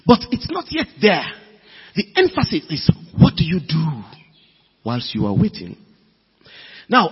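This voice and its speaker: Preacher, male, high and husky, lively delivery; dull recording, long hall echo. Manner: animated, emphatic preaching with sudden loud bursts. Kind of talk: sermon.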